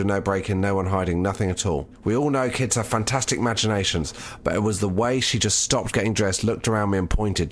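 Man reading listener mail. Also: lowish voice. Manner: reads listener stories aloud, slows and drops his voice for the scary parts. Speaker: podcast co-host. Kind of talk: casual chat, reading listener emails.

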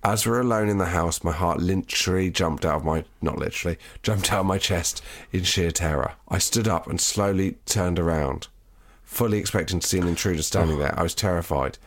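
A man co-hosting a casual podcast, reading listener emails aloud and slowing down for the tense parts. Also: low-pitched. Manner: reads listener stories aloud, slows and drops his voice for the scary parts. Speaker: podcast co-host.

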